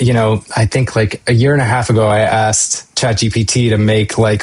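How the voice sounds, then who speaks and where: A man with a fairly low voice, a guest on a panel talk. He explains things in an easy, conversational way, with the odd "um" and "you know". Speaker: university administrator, panel guest. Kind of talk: casual panel discussion.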